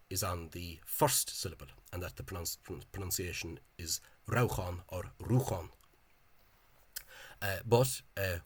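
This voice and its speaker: A man's voice: deep voice, fairly bright tone, slightly rough. A man giving an informal, digressive explanation in a video, thinking aloud in a scholarly way. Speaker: Irish-language spelling enthusiast.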